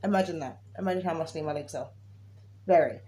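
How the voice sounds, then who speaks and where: A woman's voice: sits low, quick pace, dark tone. A woman, co-hosting a casual chat and ranting in an exasperated, chatty way. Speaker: podcast co-host. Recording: faint background noise.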